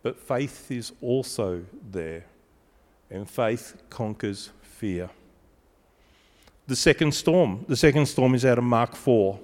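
Male preacher, mid-pitched, deliberate emphatic sermon delivery, long hall reverb. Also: darkish tone. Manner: measured and emphatic, slowing on key phrases, with dry asides.

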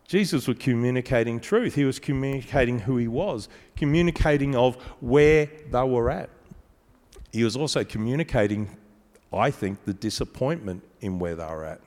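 Preacher in an echoing hall. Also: male voice, mid-range voice, a little mellow. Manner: measured and emphatic, slowing on key phrases, with dry asides. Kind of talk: sermon. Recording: long reverb of a large hall.

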